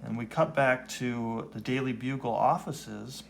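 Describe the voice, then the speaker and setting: A man's voice: mid-range voice, steady tone, measured pace, creaky, hardly any pauses, a bit bright, a little hiss or hum. A man co-hosting a podcast, casually recapping a comic and cracking wry remarks. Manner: wry, chatty. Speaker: podcast co-host. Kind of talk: casual comic-book recap, reading panels aloud.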